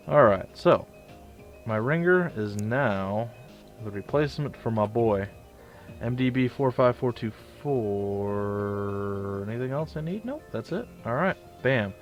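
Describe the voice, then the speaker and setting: A young man casually commenting on his own gameplay, chatty and self-mocking, with sudden loud outbursts. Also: on the low side. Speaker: let's play gamer.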